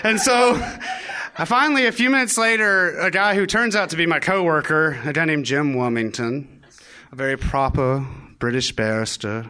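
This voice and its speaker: This young storyteller's voice is a little high, smooth, and sharp in tone, moving at a normal speed. Performing live on stage, he recounts a humorous episode from his own life, mocking himself wryly and acting out quoted lines.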